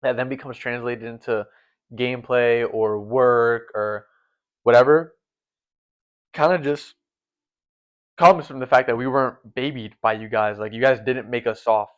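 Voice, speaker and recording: Heard on a dull, lo-fi recording, a teenage guest in his late teens and a former volleyball setter chats casually at normal speed. His mid-range voice is smooth with fairly even intonation, and he rambles earnestly with lots of fillers.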